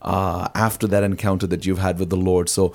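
A man's voice: sits low, flat delivery, fairly quick, a little mellow. A man hosting an interview, affirming his guest and asking open follow-up questions. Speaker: interview host. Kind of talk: casual interview.

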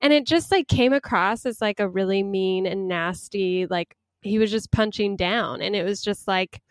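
Chatty woman with a smooth voice. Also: medium pitch, normal speed, no echo. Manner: chatty, laughs often, many fillers. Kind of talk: casual chat about news.

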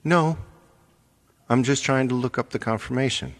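A man imitating a polite female airline phone agent, answering slowly and patiently. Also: mid-range voice, in a large hall, pitched above the performer's own voice, natural voice.

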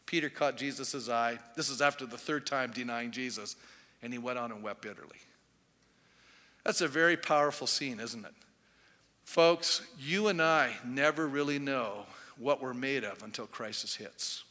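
A man's voice: fairly high pitch, lively intonation, moderate pace, sharp tone. A man preaching a sermon as pastor, telling the story animatedly and acting out the quoted voices. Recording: long hall reverb.

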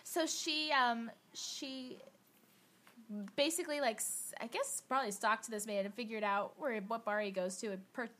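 A woman co-hosting a casual movie podcast, recapping scenes with frequent laughs and quick acted-out lines. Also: fairly high pitch. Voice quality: lively, laughs often, acts out lines in voices. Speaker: podcast co-host. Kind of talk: casual chat about movies.

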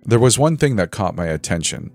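Deep-voiced man narrating horror. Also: big pitch swings, brisk, a little mellow. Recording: faint background music.

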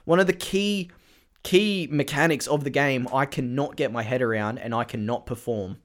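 A man's voice: mid-range voice, moderate pace, fairly bright tone. A man co-hosting a podcast in casual chat, telling stories animatedly with frequent laughter and swearing. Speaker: podcast co-host.

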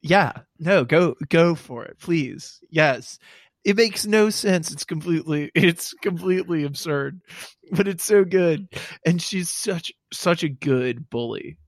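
A man co-hosting a casual movie review chat, enthusiastic and quick to agree. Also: fairly high pitch, no echo, clean studio sound. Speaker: podcast co-host.

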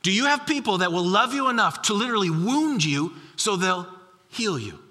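A man's voice: high voice, very animated, moderate pace, pushed and bright, big-room sound. A middle-aged male pastor preaching a sermon, telling stories with acted quotes and repeating key lines. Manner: storytelling with acted quotes and repetition.

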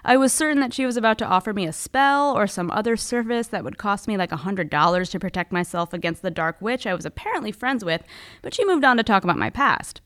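A woman's voice: mid-range voice, expressive, fast, fairly bright tone, no room sound, clean studio sound. A woman hosting a podcast, telling a personal story in a wry, conversational way. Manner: wry, conversational, with casual fillers. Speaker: podcast host.

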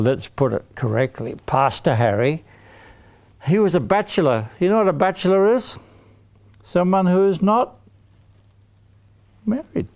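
A man telling a story to children in an animated way, putting questions to them. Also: a little high, creaky.

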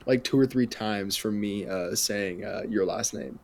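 A man's voice: on the low side, measured pace, creaky. A young man co-hosting a podcast, rambling and hesitant in casual chat. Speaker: podcast co-host.

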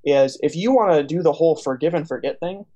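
A man's voice: a little high, fast, mellow, muffled recording. A young man hosting a faith podcast in casual chat, telling a story with many fillers and restarts. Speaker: podcast host.

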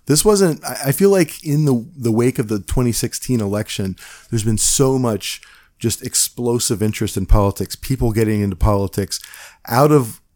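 A man's voice: mid-range voice, expressive, normal speed, darkish tone, no echo, studio quality. A man hosting a podcast interview, hesitant, with many filler words. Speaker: podcast host. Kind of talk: casual interview talk.

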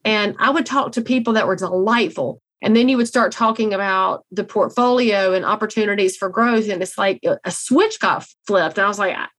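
A middle-aged woman with a Southern drawl tells stories as a guest on an interview show. She is blunt and folksy, often joking at her own expense, and she speaks at an even, mid-range pitch. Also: brisk, hardly any pauses. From American South. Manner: folksy, blunt, self-deprecating humor. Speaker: guest, real estate CEO. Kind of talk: conversational interview storytelling.

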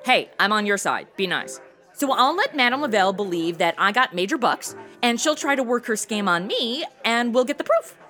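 Woman cracking sarcastic jokes in a comedy radio play, kinda high and super lively, music under her. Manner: sarcastic, quick quips. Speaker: reporter's sidekick. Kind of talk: comedic radio-drama acting.

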